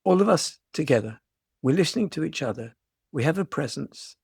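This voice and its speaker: Older man, meditation teacher, dharma talk, reflective, storytelling, somewhat high, husky voice. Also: lively intonation, a little fast, darkish tone, no room sound, studio quality.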